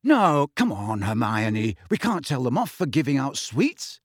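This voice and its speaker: A man's voice: medium pitch, very animated, a little slow, husky, dry recording, clean studio sound. A man voicing an awkward teenage boy who hedges and mumbles, in an audiobook. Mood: evasive. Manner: hesitant and mumbling. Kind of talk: audiobook character voice.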